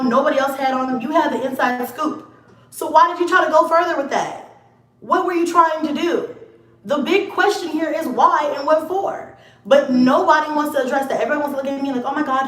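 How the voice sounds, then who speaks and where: A woman's voice: sits high, fairly bright tone, distant mic. A woman vlogger ranting to camera, blunt, profane and confrontational. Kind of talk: casual rant to camera. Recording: echoey room, set back from the mic.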